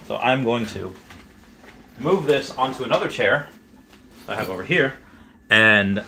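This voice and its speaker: A man's voice: medium pitch, sharp tone, a little hiss or hum. A man hosting a casual vlog, rambling with many fillers and restarts and frequent chuckles. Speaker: gaming and crypto video host.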